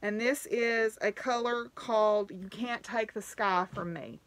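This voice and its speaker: A woman's voice: fairly high pitch, unhurried. A woman hosting a knitting podcast, chatting casually and gratefully, with frequent exclamations. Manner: gushing, grateful, chatty with laughs. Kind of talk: casual chat to camera.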